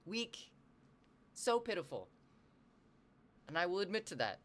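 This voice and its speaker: Casual streamer from the US Northwest chatting with viewers: a bright voice that swings widely in pitch, cursing and poking fun at themselves. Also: measured pace, long pauses. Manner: animated, swears freely, self-deprecating.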